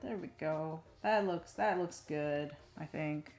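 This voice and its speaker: A woman chatting casually on a live stream while she draws, rambling to herself with many fillers and soft muttered asides. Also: low voice, slow pace, soft background music. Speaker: streaming digital artist.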